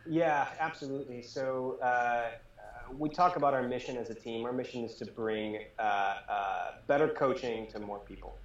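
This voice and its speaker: A man's voice: medium pitch, moderate pace. A man, a startup founder, explaining his work earnestly as a guest in a casual interview. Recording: roomy, dull remote audio.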